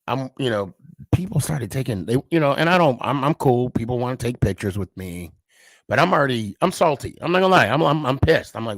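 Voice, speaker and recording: A man's voice: medium pitch, expressive, fairly quick, dry recording. A man hosting a podcast, telling a casual, rambling and profane story as a frustrated sports fan who pokes fun at himself. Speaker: podcast host.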